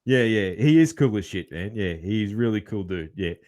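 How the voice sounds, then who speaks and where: A man's voice: on the low side, expressive, normal speed, a little mellow. A man hosting a casual podcast, easygoing and full of fillers like man and mate. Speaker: podcast host.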